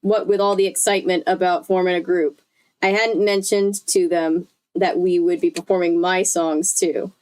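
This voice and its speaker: A woman's voice: lowish voice, level tone, normal speed, darkish tone. A woman reading a book aloud, breaking off often to react and laugh. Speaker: host.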